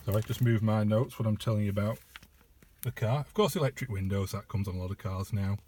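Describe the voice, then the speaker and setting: This British man, selling his own car, talks fast in a lowish, dark voice as he walks through it from inside the parked vehicle. The tour is casual and rambling, packed with fillers and side remarks, and a little background noise can be heard.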